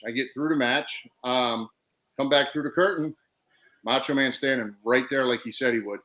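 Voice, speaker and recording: Guy on a podcast telling old wrestling stories, laughs a lot, does everyones lines, regular pitch. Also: normal speed, bright, forceful tone, poor audio. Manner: laughs through stories, acts out quotes. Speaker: podcast guest, retired wrestler. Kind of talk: animated storytelling.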